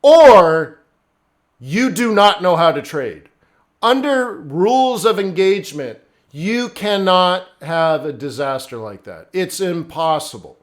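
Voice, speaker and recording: A middle-aged man with a rather high voice hosts a live trading stream. He talks bluntly and casually, coaching viewers and answering their chat messages by name. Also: sing-song, takes it slowly. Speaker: forex trading livestream host.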